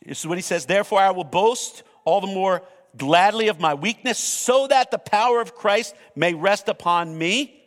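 Male preacher, sermon delivery, emphatic, higher pitch, reverberant room. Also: normal speed, a bit bright. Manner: earnest, emphatic preaching, reading scripture aloud.

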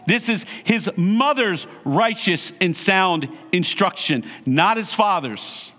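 High-voiced preaching man. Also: lively intonation, measured pace, fairly bright tone. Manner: emphatic preaching with repeated short phrases. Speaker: pastor. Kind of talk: sermon.

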